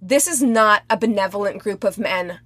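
Woman cohosting a podcast, blunt and sweary, bright forceful voice, dry close sound. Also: medium pitch, normal speed, breathy edge, dry recording. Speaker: podcast co-host. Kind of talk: casual chat.

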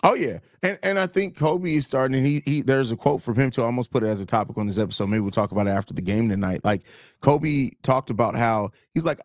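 A man's voice: medium pitch, fast talker, no echo, studio quality. A man co-hosting a sports podcast, easygoing and casual, often calling his partner bro. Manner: easygoing, says bro, laughs along. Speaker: podcast co-host.

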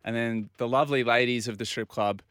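A man's voice: medium pitch, fairly even intonation, brisk, a bit bright, smooth, no echo. An Australian man telling a self-deprecating story on a radio show in a casual, easygoing way. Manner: easygoing, self-deprecating, acts out quoted dialogue.

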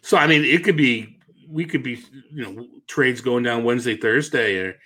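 A man with a Boston accent talks through pitcher picks in a relaxed podcast chat. He hesitates often and restarts his sentences. His voice sits at an ordinary middle pitch. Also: moderate pace. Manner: hesitant, restarts and trails off, laughs easily. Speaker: podcast co-host. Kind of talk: casual fantasy baseball chat.

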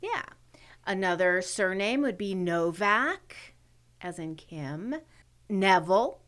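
A woman's voice: medium pitch, animated, takes it slowly, a bit bright. A middle-aged woman co-hosting a podcast in casual chat, playful and teasing, laughing often. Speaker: podcast co-host.

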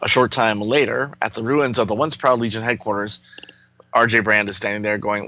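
A man's voice: on the low side, steady tone, fairly quick, bright, forceful tone. A man co-hosting a podcast, reading a comic aloud with playful, jokey asides. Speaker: podcast co-host.

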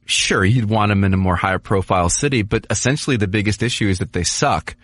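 A man from New York hosts a sports podcast in a relaxed, joking chat. He often repeats words as he restarts a thought. His voice sits fairly low and sounds close-miked in a dry booth. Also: brisk, no echo. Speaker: podcast host.

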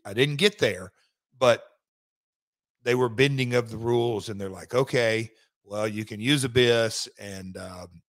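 A man's voice: medium pitch, unhurried, a bit bright, dry recording. A man being interviewed, telling a long story in a casual, rambling way with many restarts and asides. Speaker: wrestling executive guest.

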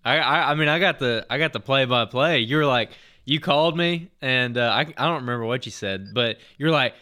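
A man's voice: mid-range voice, brisk, hardly any pauses, pushed and bright. A man co-hosting a casual podcast chat, retelling a friend's phone call in a laid-back way. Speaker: podcast co-host.

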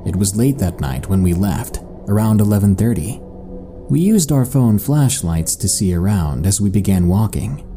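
Low, dark-voiced man narrating horror. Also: expressive. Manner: low, measured, suspenseful storytelling. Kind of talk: scripted first-person story narration. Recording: faint music bed under voice.

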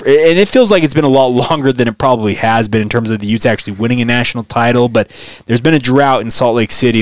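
A man's voice: mid-range voice, dry recording. Upbeat male sports podcast host, dry sound. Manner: conversational, upbeat sign-off, quick laughs. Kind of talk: casual sports podcast chat.

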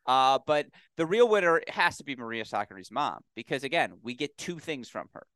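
A man's voice: medium pitch, fairly quick, clear, resonant tone, no echo. A man co-hosting a sports recap podcast, chatting casually and acting out quotes. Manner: animated, acts out quotes. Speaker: podcast co-host. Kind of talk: casual chat.

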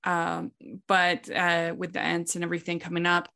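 A woman hosting a casual film discussion, chatty and quick to laugh. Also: fairly low pitch, monotone, creaky, sharp tone. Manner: chatty, laughs often, many restarts. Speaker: podcast host.

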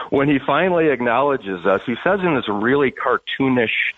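A man's voice: medium pitch, measured pace, narrow, tinny audio. A male law enforcement officer calling in to a radio show, telling an anecdote with frequent chuckles. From Arizona. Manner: chuckles through his story, relaxed storyteller.

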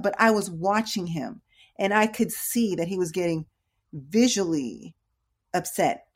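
A middle-aged woman nurse shares a story in a relaxed, chatty manner. She gets animated and acts out the voices of the people in it. Her voice sits a bit low for a woman. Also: a little slow, breathy edge. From United States. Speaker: nurse educator. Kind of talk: casual storytelling talk.

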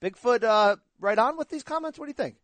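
A man hosting a sports talk show, asking quick questions and setting up topics. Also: very high-pitched, expressive, a bit bright, no room sound. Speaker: host.

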